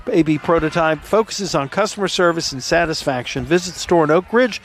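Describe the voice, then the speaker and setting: A man's voice: on the high side, a little fast. A man commentating live at an outdoor parade at night, easygoing and folksy, reading sponsor ads with small stumbles.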